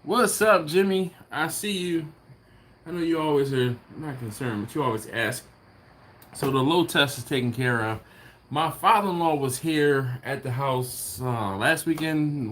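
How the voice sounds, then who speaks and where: A man's voice: mid-range voice, a bit bright, slight background noise. A man hosting a casual live stream from home, greeting viewers by name and chuckling as he reads their comments. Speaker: barbecue livestream host.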